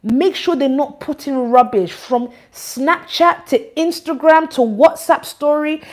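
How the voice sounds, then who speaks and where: A woman giving an informal church address, animated, teasing and scolding. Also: sits high. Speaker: church leader.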